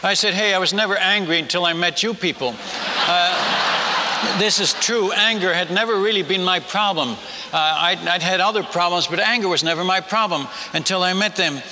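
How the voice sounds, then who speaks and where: A man's voice: high-pitched, normal speed. An older man with a Dutch accent, telling a humorous missionary story as a sermon in a folksy way, with many restarts. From Netherlands. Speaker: missionary speaker. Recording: long hall reverb with faint noise.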